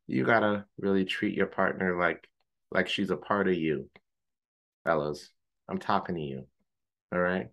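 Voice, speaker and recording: A man co-hosting a podcast, telling a story in casual chat, animated, swearing freely and mimicking friends in high joking voices. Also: unhurried, creaky, pauses often. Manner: swears casually, uses gamer slang. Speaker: podcast co-host.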